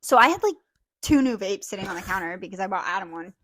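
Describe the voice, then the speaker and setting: A young woman co-hosting a podcast, telling a personal story in a casual, animated way, swearing freely and acting out what people said. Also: mid-range voice, fast, no echo, rough recording. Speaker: podcast co-host.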